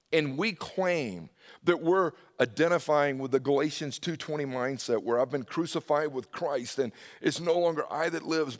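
Animated male preacher. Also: a little high. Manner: animated preaching with sudden swings from loud to hushed; addresses listeners by name. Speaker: pastor. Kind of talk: sermon.

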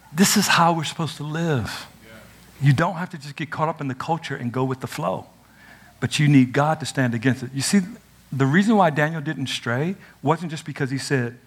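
A young man preaching an energetic sermon, animated and playful, swinging from loud cries to quiet asides. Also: medium pitch, normal speed, slight background noise. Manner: conversational and playful, acts out quotes.

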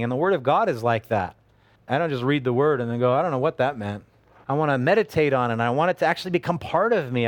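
A man's voice: mid-range voice, no room sound. A man preaching to a campus gathering, talking plainly and earnestly and retelling scripture in everyday words. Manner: conversational, earnest, paraphrasing scripture in everyday speech. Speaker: pastor. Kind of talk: sermon.

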